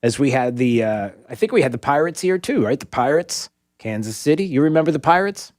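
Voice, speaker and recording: A man's voice: mid-range voice, lively intonation, fairly quick, darkish tone, no echo. A man hosting a talk radio show in a studio, talking casually and rambling with lots of fillers and restarts.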